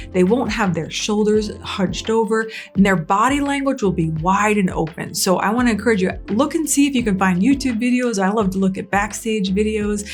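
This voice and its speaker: Energetic woman coaching speakers. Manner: energetic, asks the viewer questions, drops her voice low on key points. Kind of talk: direct-to-camera coaching talk.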